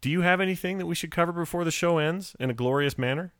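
A man's voice: fairly high pitch, fast talker, a bit bright, no room sound, clean studio sound. A man hosting a podcast in a laid-back, joking way, with slang like dude. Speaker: podcast host. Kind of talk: casual chat.

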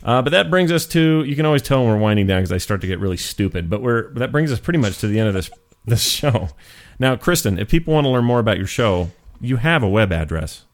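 A man's voice: medium pitch, expressive, fast talker. A young man hosting a podcast in casual chat, joking and goofy. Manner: joking, goofy, self-mocking. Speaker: podcast host.

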